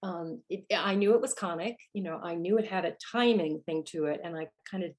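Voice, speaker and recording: A woman with a slightly low-pitched voice tells a backstage story in a relaxed interview. She is an actress from musical theater, and she slips into the voices of the people she quotes. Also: a little fast. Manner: animated, acts out the lines she quotes.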